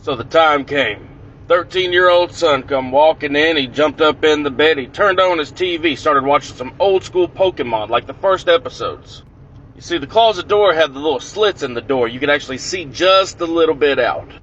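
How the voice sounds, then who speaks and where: A man telling a comic prank story in an animated, profane, punchy way. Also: fairly high pitch, moderate pace, muffled recording, slight background noise.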